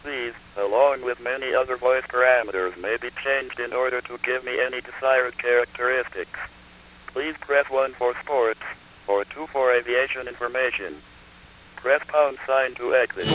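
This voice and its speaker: A synthesized male voice from an automated phone information system, reading scripted announcements in a clipped, even, computerized delivery. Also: mid-range voice, moderate pace, slight background noise, rough recording. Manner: clipped, evenly paced machine delivery. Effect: text-to-speech synthesis.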